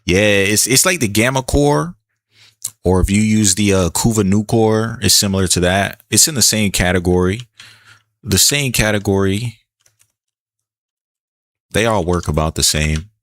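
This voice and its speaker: A man's voice: on the low side, measured pace, long pauses, fairly bright tone, no room sound, studio quality. A man casually chatting while he streams a shooter game, laid-back and talkative, greeting viewers in chat. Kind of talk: casual gameplay commentary.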